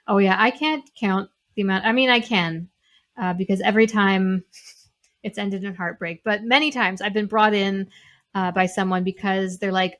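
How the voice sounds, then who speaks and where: A woman hosting a podcast, chatting candidly with a guest in a relaxed interview and laughing easily. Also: medium pitch, moderate pace. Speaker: podcast host. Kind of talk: casual interview chat.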